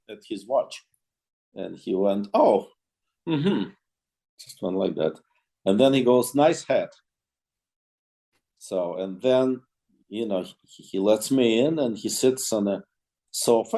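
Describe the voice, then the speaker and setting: A male clarinetist telling a long anecdote in an interview. His voice is warm and dark at a middle pitch, and he jumps into little quoted exchanges, often restarting his sentences. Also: expressive, moderate pace, creaky. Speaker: clarinetist guest. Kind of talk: storytelling in an interview.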